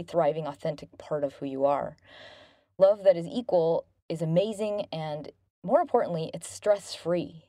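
A woman in her thirties hosting a self-help podcast, talking gently and earnestly about relationships. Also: lowish voice, no room sound. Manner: gentle, earnest, bubbly when thanking listeners. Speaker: podcast host.

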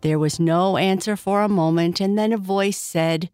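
A woman's voice: mid-range voice, moderate pace, few pauses, a little mellow, clear, resonant tone, dry recording, clean studio sound, faint music behind. Woman reading a children's story.

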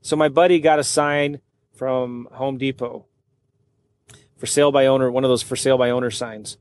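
A man who works as a real estate wholesaler and podcast host, telling a story in a casual, animated way and acting out what other people said. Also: medium pitch, moderate pace, no echo. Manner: animated, acts out other people's lines in quoted voices.

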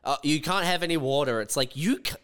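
A man's voice: fast, clean tone. A man, a podcast co-host, joking and riffing in casual chat. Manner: joking, riffing on hypotheticals with lively jumps in pitch.

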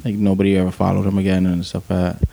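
A man in his forties, an army veteran guest telling war stories in a casual, profane, animated way. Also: deep voice, fast talker, vocal fry, low-quality recording. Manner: profane, animated, acts out sounds and quotes.

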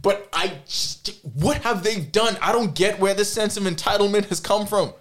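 A man's voice: high-pitched, moderate pace. A man hosting a casual sports chat, ranting heatedly and profanely as a loyal fan. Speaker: podcast host.

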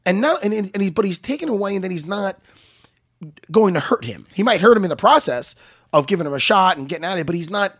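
A man co-hosting a podcast, telling a story in a casual, animated way and acting out other people's voices. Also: sits high, fast talker, husky, no room sound, clean studio sound. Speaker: podcast co-host. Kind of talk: casual chat.

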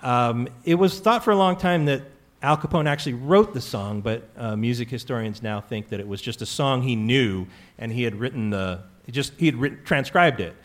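Chatty man hosting a live trivia show. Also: medium pitch. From California. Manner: chatty, joking, halting with fillers. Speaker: quiz show host. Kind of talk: live audience trivia talk. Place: stage with a live audience.

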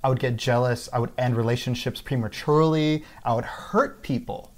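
A man's voice: mid-range voice, brisk. Candid, reflective man in casual chat. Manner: candid, reflective, repeats words when starting.

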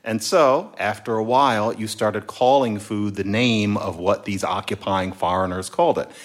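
A man, a linguist guest, explaining word histories in a playful, lively way during a casual chat. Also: lowish voice, moderate pace.

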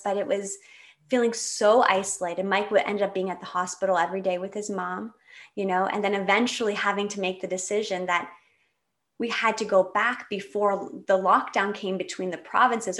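A woman in her late thirties from Canada, a guest telling a personal story in a candid, animated way, with laughs and restarts. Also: mid-range voice. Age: 30s.

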